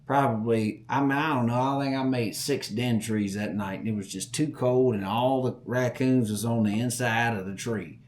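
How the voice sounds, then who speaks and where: A man's voice: mid-range voice, steady tone, moderate pace, hardly any pauses. A middle-aged man hosting a podcast, telling a story in a folksy way and acting out the voices. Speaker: podcast host. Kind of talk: storytelling chat.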